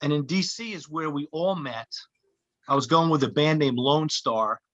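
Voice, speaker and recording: Comedian guest, male, bright tone, acts out quotes in his anecdotes, dull lo-fi sound. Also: a little high, moderate pace. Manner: animated anecdotes, acting out quoted voices. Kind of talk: casual storytelling chat. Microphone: podcast mic.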